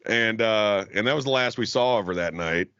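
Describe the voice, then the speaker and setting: Podcast co-host, young man, low voice, bright and forceful, dull lo-fi sound, profane rambling storyteller. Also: moderate pace, clear, resonant tone, dry recording. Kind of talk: casual storytelling chat.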